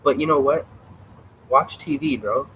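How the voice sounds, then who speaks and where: A man's voice: mid-range voice, unhurried, pushed and bright, slight background noise, low-quality recording. A young Canadian man with a Canadian accent, chatting casually on a livestream, blunt and profane, calling the viewers "bro.". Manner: blunt, profane, emphatic, says "bro" often.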